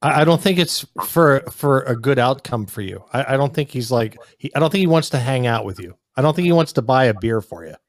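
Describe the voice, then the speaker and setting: A man's voice: mid-range voice, lively intonation, fairly quick, few pauses, no room sound. A man hosting a call-in show, blunt and teasing, often restarting his sentences. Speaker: host. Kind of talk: call-in banter.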